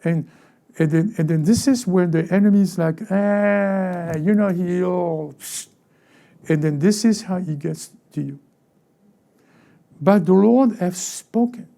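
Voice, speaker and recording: With a high-pitched, gravelly, mellow voice at a moderate pace, a pastor delivers a sermon in a church sanctuary. He keeps asking the congregation questions, performs short quoted voices, and often circles back to repeat words or restart phrases.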